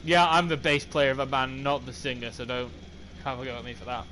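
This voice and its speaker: A man's voice: medium pitch, a little fast, noisy background. A man hosting a let's play, reading in-game notes aloud and cracking sarcastic jokes as he goes. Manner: joking, sarcastic asides. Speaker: gaming channel host.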